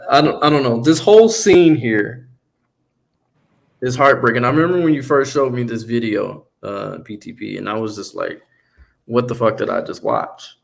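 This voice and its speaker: A man in the middle range of pitch hosts a loose, casual conversation. He talks bluntly, curses freely and gets animated when he tells a story. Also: normal speed, vocal fry. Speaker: podcast host. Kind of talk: casual chat.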